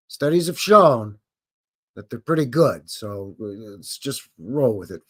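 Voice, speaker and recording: A man's voice: medium pitch, lively intonation, normal speed. Rambling man hosting a livestream. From Canada. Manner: rambling, jokey, acts out voices. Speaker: livestream host. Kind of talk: casual livestream chat.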